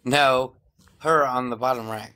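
A man's voice: mid-range voice, fairly even intonation, a little slow, bright, forceful tone. A tipsy man rambling and apologizing as a guest on a live chat stream. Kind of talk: casual chat.

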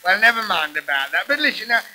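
A man delivering a 1920s music-hall comic monologue, with quick patter and punchlines as a bumbling policeman. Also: high-pitched, very animated, a crowd in the background. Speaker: comedian.

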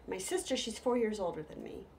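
A middle-aged woman telling humorous stories, lively, with hushed whispered asides. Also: medium pitch, a little fast, slight background noise. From United States. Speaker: storyteller. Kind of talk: humorous stage storytelling.

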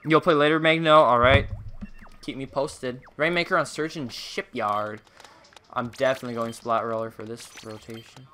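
Excitable young man streaming a game. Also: medium pitch, moderate pace, a little hiss or hum. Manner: excitable, reacting loudly to the game, chatty with viewers. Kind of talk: casual live-stream gameplay chat.

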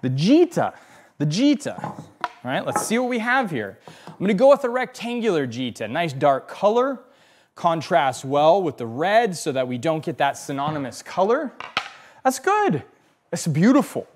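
A man leads a hands-on bonsai display lesson in an animated, conversational way. He repeats himself for emphasis and keeps asking his viewers "right?" His voice sits slightly high for a man. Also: moderate pace, a little hiss or hum. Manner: animated, repeats phrases, checks in with "okay?" and "right?". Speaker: bonsai instructor. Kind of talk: hands-on demonstration talk.

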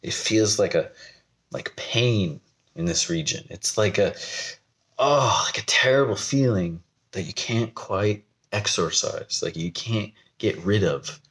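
A man's voice: on the low side, slow, fairly bright tone. A young man from the United States talking candidly to camera in a vlog, rambling and laughing at himself. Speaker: vlogger. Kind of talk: personal talk to camera.

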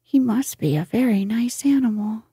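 Woman whispering as a careful little mole guy, whispered role-play, breathy and mellow, dry. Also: a little high, animated, moderate pace, no room sound, full character voice. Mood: gentle. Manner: cautious and soothing. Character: mild, cautious, candid little male mole.

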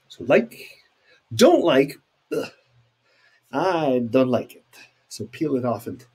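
Male teacher, casual lecture read; husky tone, very animated pitch, conversational with asides. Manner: chatty, explains with asides and fillers. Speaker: sign language teacher. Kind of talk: recorded video lecture.

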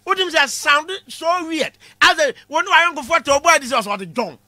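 A man giving a comic classroom lecture, animated, shouting punchlines and laughing at his own jokes. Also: very high voice, fairly quick, no room sound, studio quality. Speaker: comedy lecturer.

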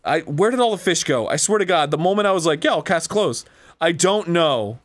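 A man's voice: on the high side, lively intonation, a little fast, fairly bright tone. A young man co-hosting a casual comedic chat, playful with mock-indignant outbursts. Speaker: show co-host.

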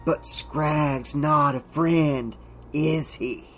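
A man's voice: a little slow, soft background music. A man doing an eerie, darkly amused guy. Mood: sinister. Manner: darkly amused, drifting into sinister low tones. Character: eerie amused young man, sinister and playful.

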